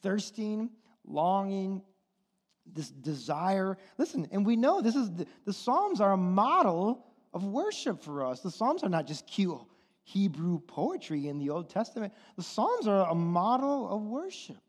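High-voiced man preaching with fiery passion. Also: sing-song, unhurried. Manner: impassioned, swings from hushed to near-shouting. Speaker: pastor. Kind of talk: sermon. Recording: long hall reverb.

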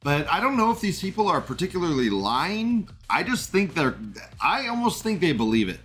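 A man's voice: high voice, big pitch swings, moderate pace, fairly bright tone. A man hosting a live stream, reading chat comments aloud and commenting in a rambling, indignant way, swearing and laughing often.

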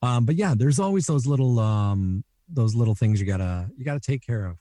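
A middle-aged man from Canada, a voice actor, telling animated stories in a casual interview and slipping into quoted voices. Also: mid-range voice, brisk, no echo, clean studio sound. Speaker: voice actor guest.

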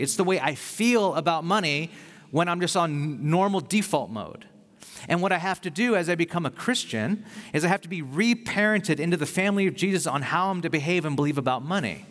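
A man preaches with an earnest, conversational pastor's voice that sits fairly high for a man. He slips into quick acted-out asides while he speaks. His voice rings out with the long reverb of a large hall. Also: a bit bright. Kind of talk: sermon.

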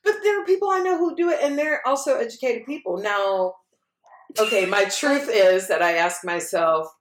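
A woman from Texas in casual conversation, animated, acting out voices in her stories and laughing as she talks. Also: on the high side, normal speed, reverberant, background noise. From Texas, USA. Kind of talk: casual chat.

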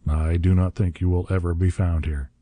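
A man voicing a calm, commanding hero who speaks quietly and deliberately in a story reading. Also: low voice. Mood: cool.

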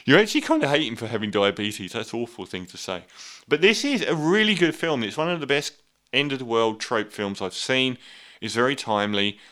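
A man's voice: medium pitch, very animated, brisk, a bit bright. A man giving a casual, chatty film review, candid and wry, with frequent ums.

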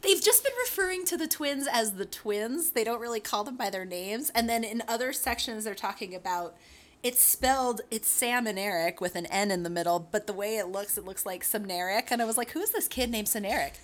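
A young woman co-hosting a casual book podcast, chatty and laughing easily, her voice jumping up when excited. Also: a little high, brisk. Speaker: podcast co-host.

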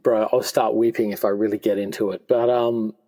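In a podcast studio, a man in his forties appears as a guest and tells personal stories conversationally, earnest and heartfelt, often restarting sentences. His voice is lowish and dark, with a flat delivery and a slightly fast pace.

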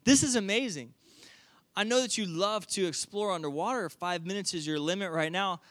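A man's voice: high-pitched, moderate pace, a bit bright, dry recording. Man doing a loving, encouraging father, dry close sound. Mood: tender. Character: proud, loving father speaking to his son.

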